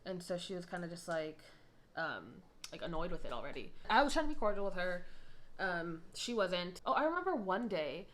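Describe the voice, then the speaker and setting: A young woman talking in a casual, rambling storytime style, full of asides. Her voice sits a little low for a woman. She rises in pitch and volume when she gets indignant. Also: very animated, moderate pace. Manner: chatty, rambling, with frequent asides. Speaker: vlogger telling a story.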